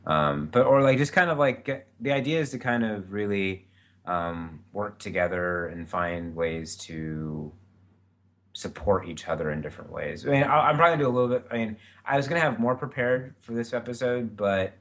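A man with a low voice runs a tabletop game for a group of players. He explains the setup casually, circling back and restarting his sentences as he goes. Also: lively intonation, moderate pace, a bit bright. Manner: rambling and hesitant, full of restarts. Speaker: game master.

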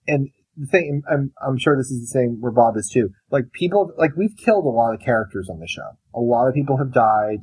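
A man chatting on a podcast, with a slightly breathy voice and a middling pitch. He tells stories with lots of energy and acts out what other people say. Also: fairly quick, hardly any pauses, rough recording. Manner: animated storyteller, mimics his wife. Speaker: podcast co-host. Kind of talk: casual chat.

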